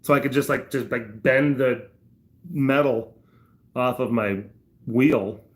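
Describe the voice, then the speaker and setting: Man, casual streamer storytelling, rambling, lots of ums and restarts, middle pitch. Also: slow. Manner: rambling, many fillers and restarts; laughs through the story, voice jumps up for retold outbursts. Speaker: livestreamer. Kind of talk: casual storytelling while reading chat.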